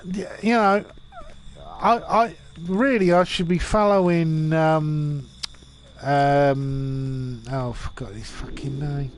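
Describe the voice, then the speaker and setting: A man's voice: on the high side, slow, a little hiss or hum. A drunk man in his forties rambling and swearing while streaming a game. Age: 40s.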